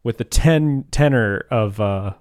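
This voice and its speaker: A man's voice: mid-range voice, slow pace, darkish tone, dry recording, clean studio sound. A young man co-hosting a podcast, joking around in casual chat. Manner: playful, jokey, laughs often. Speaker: podcast co-host.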